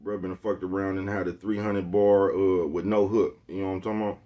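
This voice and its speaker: A man's voice: low-pitched, flat delivery, a little fast, highs cut off. A man from Oakland, talking casually to his phone camera, rambling in slang and asking "you know what I'm talking about" again and again. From Oakland, California. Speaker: vlogger. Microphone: phone with Bluetooth earpiece.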